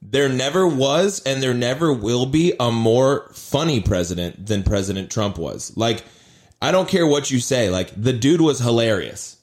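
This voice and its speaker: A male podcast host chatting casually. His speech is full of swearing and lively storytelling, at an everyday mid pitch. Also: moderate pace. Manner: profane, animated storytelling. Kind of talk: casual chat.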